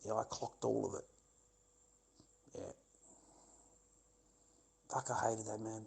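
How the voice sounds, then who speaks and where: A man's voice: lowish voice, little pitch movement, takes it slowly, gravelly, darkish tone, breathy edge, low-quality recording. A middle-aged man, giving a rambling, bitter and heavily profane livestream monologue that loops back on the same points.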